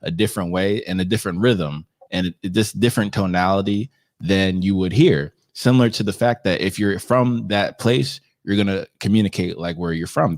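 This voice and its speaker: A man co-hosting a casual chat show, measured and explanatory, speaking with confidence. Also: deep voice, no echo, clean studio sound. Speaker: podcast co-host.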